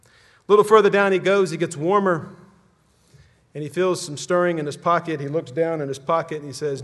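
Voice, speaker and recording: A man from the Ozark region, a pastor preaching a sermon with measured phrases that fall to a hush at their ends. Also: fairly high pitch, steady tone. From Ozark region, USA.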